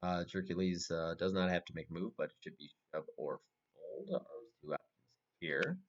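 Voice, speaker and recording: A man's voice: low-pitched, sing-song, moderate pace, creaky. A man casually commentating a replay of his own poker tournament, rambling with lots of fillers and restarts. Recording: dull, slightly muffled recording with faint noise.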